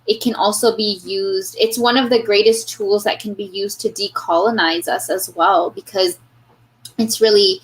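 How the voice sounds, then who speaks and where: A woman's voice: mid-range voice, steady tone, normal speed, poor audio. A woman teacher with a Canadian accent, speaking earnestly in an interview, thinking aloud with frequent fillers and restarts. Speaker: guest, elementary teacher. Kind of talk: reflective interview talk.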